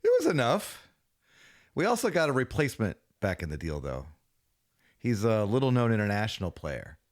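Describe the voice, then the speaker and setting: A man co-hosting a comedic sports podcast, delivering jokes in a deadpan way. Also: lowish voice, moderate pace. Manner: deadpan, joking. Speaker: podcast co-host.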